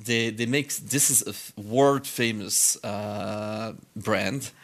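A man on a podcast as a guest, explaining a drink in a casual chat, pausing often with fillers. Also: on the low side, steady tone, fairly bright tone. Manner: hesitant, many fillers, explanatory. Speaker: wine guest.

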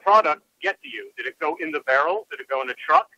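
A man's voice: a little high, lively intonation, quick pace, bright, forceful tone, dull audio, a little hiss or hum. A man who is a rabbi, answering interview questions and explaining things step by step with many fillers. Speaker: rabbi, kosher certification guest.

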